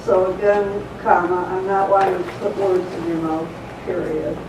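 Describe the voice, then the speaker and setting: A seminar participant slowly reading a dictation exercise aloud, speaking each punctuation mark. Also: mid-range voice. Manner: slow, flat reading of punctuation marks. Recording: very echoey, distant mic, noisy.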